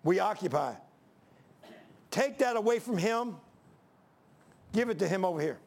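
Gravelly high-voiced older preacher. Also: male voice, lively intonation, measured pace, a little mellow. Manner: emphatic, repetitive, folksy preaching. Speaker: pastor. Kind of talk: sermon. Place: church.

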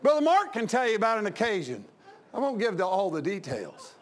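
A male pastor, preaching in a folksy style with anecdotes, swinging between loud outbursts and quiet asides. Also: high-pitched, huge pitch swings, a little fast.

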